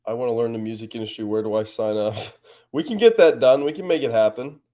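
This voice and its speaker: A man's voice: medium pitch, quick pace, mellow. A man as a guest on a livestream, chatting casually and reading viewer comments, laughing often and joking.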